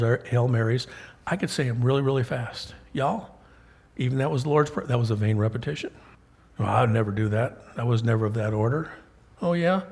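Man preaching, husky voice, casual and folksy, asks the congregation questions. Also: medium pitch. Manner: folksy, conversational, with rhetorical questions. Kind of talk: sermon.

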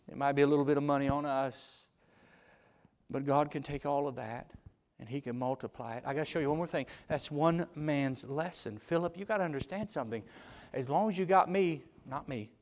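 A middle-aged man preaching a sermon in a church, telling folksy stories and building to loud exhortation. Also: on the high side. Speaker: preacher and ministry leader. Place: church sanctuary.

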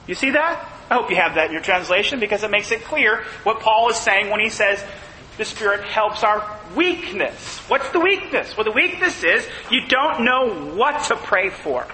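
Preacher, male, very high tone, sharp and forceful, rhetorical questions, echoey church hall. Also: very animated, normal speed. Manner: emphatic, asks rhetorical questions. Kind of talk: sermon. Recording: long hall reverb, faint noise.

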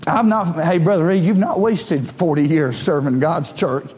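A male pastor preaching a fervent sermon in a church, rising at times into high shouted cries. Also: normal speed, husky, long reverb tail. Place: church sanctuary.

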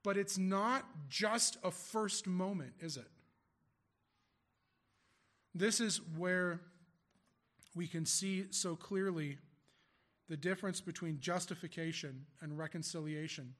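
A man's voice: high voice, slow, pauses often, a bit bright. A man preaching a sermon as a pastor, explaining scripture in a conversational way with rhetorical questions to the congregation.

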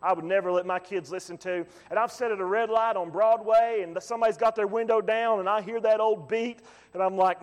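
High-voiced preacher in a reverberant hall. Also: male voice, a little fast, few pauses. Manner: preaching with big swings from quiet to loud. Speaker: pastor. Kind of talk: sermon.

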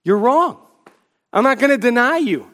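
A man's voice: very high-pitched, lively intonation, moderate pace, a bit bright. A man voicing an impetuous, self-assured male disciple who argues and insists. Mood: insistent. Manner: insistent, pleading.

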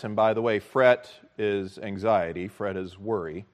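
Man preaching, slow delivery, earnest, emphatic repetition, sermon. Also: on the low side, animated. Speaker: pastor.

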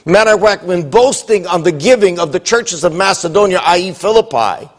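Casting: male preacher, high-pitched voice, emphatic sermon delivery that builds to calls to the church. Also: animated, fairly quick. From United States. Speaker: visiting missionary preacher.

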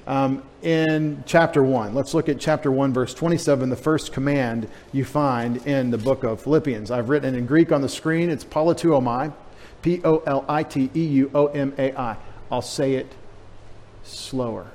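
A man's voice: medium pitch, moderate pace, darkish tone, in a large hall. A male pastor teaching a sermon in a casual, joking way, spelling out Greek words for the congregation. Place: church sanctuary.

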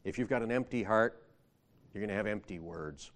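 A man's voice: fairly low pitch, fairly quick. A man preaching a sermon in a conversational way, often asking the listeners rhetorical questions and rising in emphasis when he quotes scripture.

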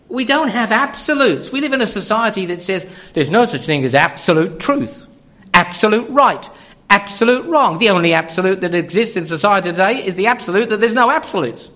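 A man's voice: high-pitched, sharp tone. An older man preaching a sermon, conversational and full of rhetorical questions.

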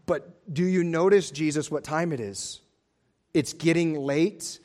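A man's voice: a little high, a little slow, a little mellow, close to an everyday voice. A male pastor voicing the anxious disciples in a pleading, frantic way within a sermon.

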